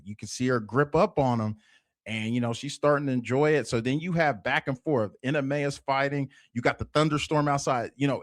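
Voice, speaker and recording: A man's voice: mid-range voice, no room sound, clean studio sound. A man casually recapping a TV episode, rambling with lots of fillers. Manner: rambling, frequent fillers like "you know" and "basically". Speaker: TV episode reviewer.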